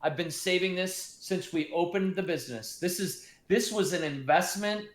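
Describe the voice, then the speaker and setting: A man's voice: sits high, roomy sound, voice pushed up, lightly acted. A man voicing a grateful middle-aged innkeeper. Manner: measured, speaks in halting phrases.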